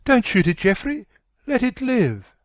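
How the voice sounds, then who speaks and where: A man voicing a sensitive, troubled young gentleman who speaks in a pleading, emotional way in an audiobook. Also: sits high, animated, unhurried, voice pushed up. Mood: distressed.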